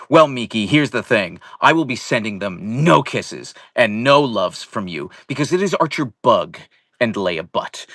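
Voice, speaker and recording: A man's voice: on the low side, very animated, measured pace, a bit bright, dry recording, clean studio sound. A young man hosting a casual live stream from home, chatting playfully and greeting viewers by name. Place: at home, indoors.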